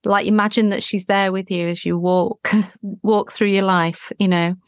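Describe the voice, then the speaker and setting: A woman, hosting a gentle therapeutic conversation in a calm, reassuring, deliberate way. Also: medium pitch, clean tone, no echo, studio quality. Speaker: healing practitioner, podcast host.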